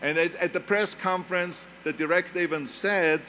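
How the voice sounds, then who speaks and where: A man's voice: high-pitched, fairly even intonation, moderate pace, bright, forceful tone, a little hiss or hum. An older man with a German accent, whose first language is German, giving an emphatic motivational speech full of storytelling. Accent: Austrian German. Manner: emphatic storytelling, mimics others' voices. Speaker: speaker giving a talk.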